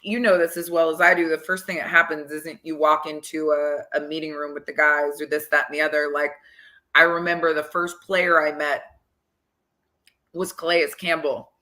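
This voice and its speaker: Bright-voiced woman telling coaching stories. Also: deep voice, moderate pace. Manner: animated, retells conversations with lots of "like" and "you know". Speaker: football coach, podcast guest. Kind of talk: conversational interview storytelling.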